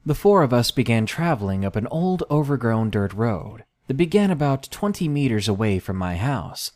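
A man reading submitted first-person scary stories aloud in a steady, measured scripted narration. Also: mid-range voice. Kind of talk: scripted horror story narration.

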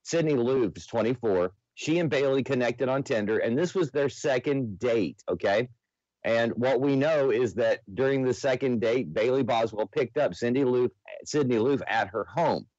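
A man's voice: mid-range voice, moderate pace, darkish tone, dry recording. Hesitant male reporter on a dull line. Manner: hesitant, with many fillers. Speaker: investigative reporter. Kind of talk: news-show guest briefing.

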